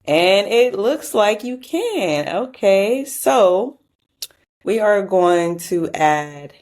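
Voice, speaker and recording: A woman hosting a casual software tutorial, chatty, with frequent laughs and asides. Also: medium pitch, very animated, extremely slow. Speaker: tutorial host.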